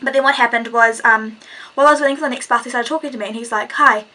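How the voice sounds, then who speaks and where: A teenage girl from New Zealand tells a story to her vlog viewers in a loose, rambling way, full of fillers. Her voice sits a little high and rings bright and sharp. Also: fairly even intonation, racing, poor audio. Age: teens. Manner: chatty, rambling, lots of "like" and "and stuff". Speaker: vlogger.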